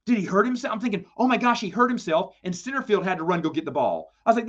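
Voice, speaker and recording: Animated man telling rambling stories. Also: sits high, fast. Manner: animated, rambling anecdotes with self-deprecating humor. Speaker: host of a live Q&A stream. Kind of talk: casual storytelling on a livestream. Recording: slightly dull lo-fi stream audio.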